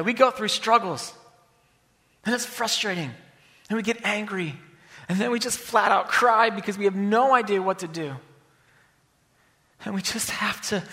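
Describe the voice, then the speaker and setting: A man preaching a sermon, swinging from loud emphasis to hushed near-whispers. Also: high voice. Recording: long hall reverb.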